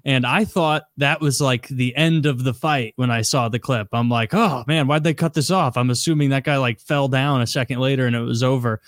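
A man's voice: medium pitch, steady tone, brisk, few pauses, no echo, clean studio sound. A man in a casual podcast chat, recounting things hesitantly with lots of fillers.

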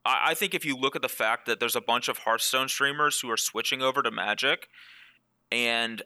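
A man's voice: mid-range voice, normal speed, sharp tone, clear, resonant tone. A man on a gaming panel chatting casually, with lots of "like" and repeated words. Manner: loose, repeats words, many likes. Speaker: professional card player, panelist.

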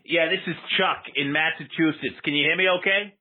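A man's voice: fairly high pitch, fairly quick, close to an everyday voice. An actor playing a hot-tempered male baseball mascot calling a radio show, stammering and swearing constantly, heard over a phone line. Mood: aggrieved. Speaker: caller.

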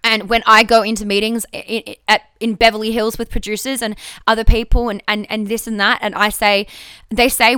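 Bright, clear-voiced woman talking frankly. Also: a little high, flat delivery, moderate pace, dry recording, clean studio sound. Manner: candid, frank and swearing, with many restarts. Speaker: podcast host. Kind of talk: casual solo podcast talk.

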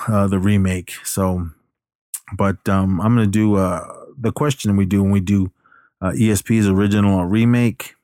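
A man's voice: deep voice, darkish tone, no room sound, clean studio sound. A man casually retelling a movie plot and giving his opinion, rambling with many fillers and restarts. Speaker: movie reviewer.

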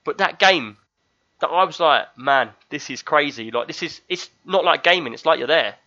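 A man's voice: a little high, normal speed, lo-fi sound. A man in his thirties chatting casually, telling stories animatedly and acting out the screams. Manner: animated storyteller, acts out screams. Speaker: show regular. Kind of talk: casual chat.

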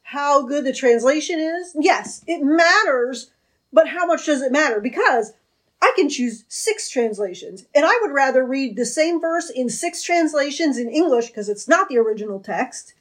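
A woman taking part in a casual religious discussion, talking earnestly and slowing down to stress her points. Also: high voice, lively intonation. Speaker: panelist in a faith discussion.

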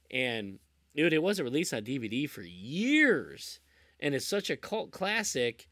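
A man hosts a casual podcast, gushing about old movies with an animated, swooping voice. He rambles and restarts his sentences often. The sound is dry and close. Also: mid-range voice, unhurried, no echo. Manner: enthusiastic and rambling, with many restarts. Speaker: podcast host.

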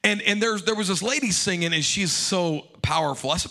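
A man preaching a sermon as pastor, passionate and loud, leading the congregation in call-and-response. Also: a little high, a little fast, gravelly, few pauses.

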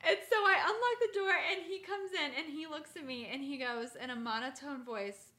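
A young woman co-hosting a podcast, telling stories in a chatty, animated way full of "like". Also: sits high, moderate pace. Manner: chatty storyteller, lots of "like", animated. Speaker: podcast co-host. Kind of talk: casual chat.

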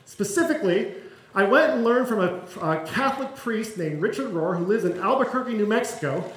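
Pastor, male, high-pitched, conversational sermon with self-deprecating humor; echoey church room. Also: fairly bright tone. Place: church sanctuary.

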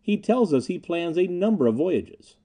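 A man's voice: sits high, very animated, moderate pace, warm tone, pitched above the performer's own voice. A man voicing a cheerful, teasing male ship officer in a spoken story, jovial and fond of argument.

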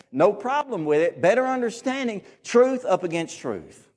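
With a high voice and a darkish tone, a Southern US-accented man delivers a sermon to his congregation. He is earnest and emphatic and keeps returning to his key phrases.

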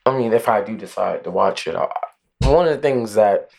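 A man in loose podcast talk whose voice swings widely in pitch. He is loud and expressive, and he swears heavily. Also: a little fast, vocal fry. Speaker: podcast co-host. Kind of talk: casual chat.

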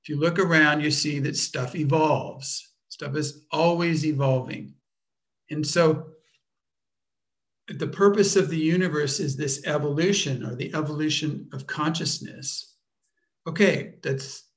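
A man teaching a workshop off the cuff, speaking deliberately and searching for words with frequent restarts. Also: fairly high pitch. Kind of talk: unscripted workshop talk.

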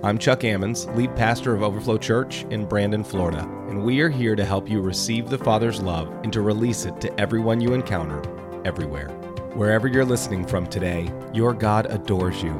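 A man's voice: lowish voice, brisk. A man, a pastor, reading a welcoming scripted podcast introduction. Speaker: podcast host and lead pastor. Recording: intro read over clear music.

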